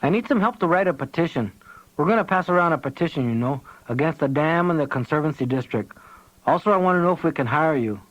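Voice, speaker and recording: A man's voice: on the high side, animated, fast, natural voice. A man voicing a tough village woman organizing neighbors, earnest and blunt. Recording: dull lo-fi tape audio.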